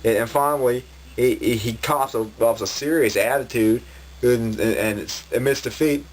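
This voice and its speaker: A man's voice: mid-range voice, normal speed, slight background noise. A man ranting in a vlog, rambling and frustrated, with many restarts. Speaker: vlogger.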